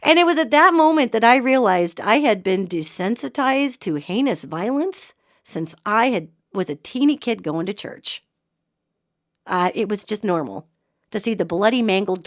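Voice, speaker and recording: Lively-voiced woman podcast host. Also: mid-range voice, no echo, studio quality. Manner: animated, chatty, ending in a spooky whisper. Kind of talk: casual storytelling monologue.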